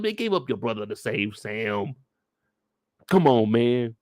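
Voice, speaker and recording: A man's voice: medium pitch, measured pace, no room sound. A man giving casual TV recap commentary, joking, slangy and full of swearing. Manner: animated, slangy, profane, joking. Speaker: TV recap reviewer.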